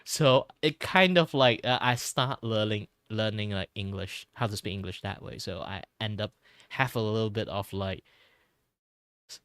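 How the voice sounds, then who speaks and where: A man's voice: fairly low pitch, moderate pace, fairly bright tone, clear, resonant tone, no echo. A man from Malaysia hosting a casual art stream chat, rambling with lots of "like" and restarts. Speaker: streamer host.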